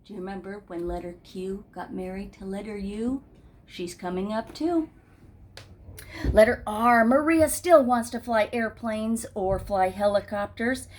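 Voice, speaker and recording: There's a little hiss or hum behind a woman's mid-range, slightly slow voice. She teaches young children phonics in a classroom through storytelling, voicing each letter with playful sounds and little stories.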